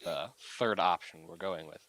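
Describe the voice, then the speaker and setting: A man's voice: low voice, normal speed, a bit bright, no echo, rough recording. A man playing a tabletop game, chatty and playful, slipping into in-character banter. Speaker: player.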